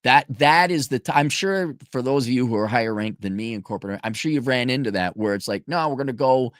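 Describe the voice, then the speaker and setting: A man's voice: mid-range voice, fast, dry recording, clean studio sound. A man hosting a show, giving blunt, sarcastic and profane commentary in a casual way while reading viewer donations.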